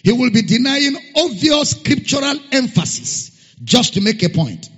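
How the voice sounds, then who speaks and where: A pastor preaching a sermon, emphatic and repetitive, sometimes singing words. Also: male voice, extremely high pitch, animated, moderate pace, a bit bright, husky. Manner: emphatic, repeats key phrases, sings some words. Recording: dull lo-fi recording in a reverberant hall.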